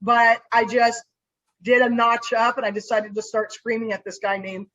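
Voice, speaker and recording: A woman's voice: on the high side, moderate pace, rough recording. A woman private investigator telling a story in a casual interview, acting out what she said to people along the way. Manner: animated storyteller acting out her own lines.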